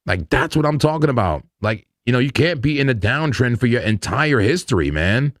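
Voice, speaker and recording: A crypto trading livestream host chats loosely and slangily, laughing often as he gives casual live market commentary. His medium-pitched voice is animated, a bit bright, and a little fast, captured in a dry, clean studio recording.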